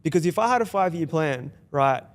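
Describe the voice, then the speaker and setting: Fast-talking Australian man. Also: on the high side. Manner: fast, animated storytelling with quoted dialogue. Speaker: guest, business founder. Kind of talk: casual podcast chat.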